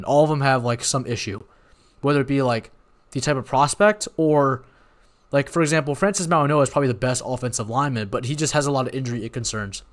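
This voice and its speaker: A young man hosts a live stream and reacts as things happen, rambling and excitable. He keeps stopping to apologize and correct himself. His voice sits at an ordinary middle pitch. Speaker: watch party host.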